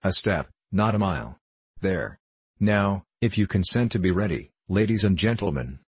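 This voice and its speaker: A man's voice: low voice, lively intonation, normal speed, slightly rough, no echo. A man voicing a pompous, temperamental star actor with icy, theatrical outbursts, in an audiobook reading. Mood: exasperated. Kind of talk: audiobook character voice.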